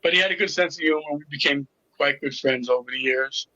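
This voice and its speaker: A man's voice: fairly high pitch, fast, sharp tone, dry recording, highs cut off. A middle-aged man telling his personal story as an interview guest, candid and with a sarcastic sense of humor. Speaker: interview guest, recovery coach.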